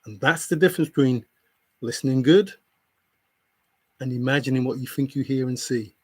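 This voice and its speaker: A man's voice: mid-range voice, normal speed, breathy edge, no echo. A man livestreaming, confronting a viewer in chat with an angry, repetitive, swearing rant.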